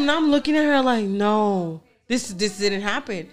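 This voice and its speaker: A middle-aged woman from Texas telling a story in casual podcast chat, animated, laughing often and repeating phrases. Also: mid-range voice, normal speed.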